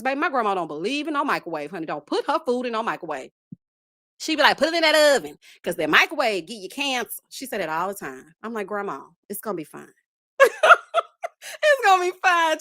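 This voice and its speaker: A woman in her 30s hosts a reality-TV recap, chatting casually and animatedly, laughing often and calling listeners "child" and "honey." Her voice is fairly high and fairly bright, in a dry, studio-quality recording.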